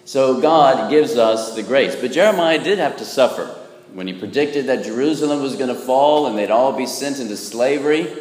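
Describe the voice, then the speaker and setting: A man's voice: medium pitch, darkish tone. A man, a Catholic priest, preaching a homily with a folksy, humorous manner, often checking in with "right?". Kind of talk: sermon. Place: church. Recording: echoey church with long reverb.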